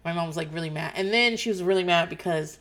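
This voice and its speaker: Woman, middle-aged, podcast host, loose rambling chat, frequent swearing, slightly low voice. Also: fast, a bit bright. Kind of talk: casual chat.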